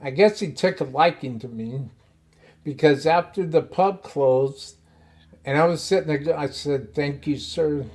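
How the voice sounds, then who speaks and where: A man hosting a podcast, telling a personal story in a casual, animated way and laughing often. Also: a little high, unhurried. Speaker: podcast host.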